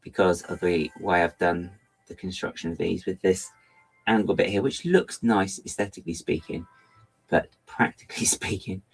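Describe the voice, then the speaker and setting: A man's voice: deep voice, moderate pace, gravelly, husky, soft background music, rough recording. A middle-aged man chatting casually while he builds with LEGO on a livestream, rambling and often stopping himself to apologise. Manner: rambling, self-interrupting, apologetic.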